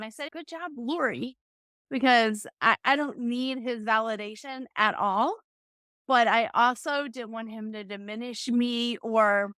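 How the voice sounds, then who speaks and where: A middle-aged woman, a self-help coach, giving calm advice and telling a personal story with small restarts. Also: a little high, smooth, no room sound.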